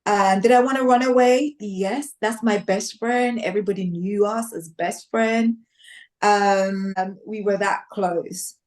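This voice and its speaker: With a medium-pitched voice and a measured pace, a woman tells her personal testimony in conversation. It comes out as animated storytelling, with quoted lines acted out and laughter mixed in.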